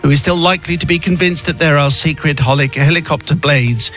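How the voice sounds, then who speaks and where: Give me a radio host with a somewhat high voice, reading a listener's letter with dry theatrical flair. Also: male voice, brisk, fairly bright tone, faint music behind.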